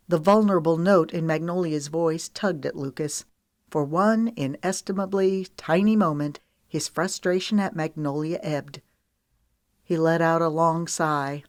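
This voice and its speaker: A woman narrating a romance audiobook in a smooth, measured storytelling manner. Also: low voice, no room sound, studio quality.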